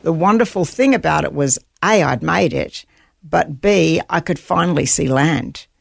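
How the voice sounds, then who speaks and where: Her voice sits low, gravelly and slightly rough, at a moderate pace, with studio-quality audio and no room sound. She's an author on a storytelling interview recounting her survival at sea, earnest and vivid, narrating her own thoughts as quotes.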